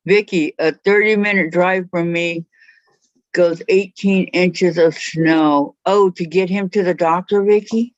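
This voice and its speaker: A woman's voice: on the low side, steady tone, unhurried, no room sound. A woman joining a craft class from home, chatting casually over a video call and often trailing off mid-thought. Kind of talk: casual chat while crafting. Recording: dry, muffled video call audio.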